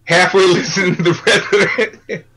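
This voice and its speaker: A man co-hosting a casual TV recap chat, animated and laughing often. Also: high voice, normal speed, slight background noise. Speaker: podcast co-host.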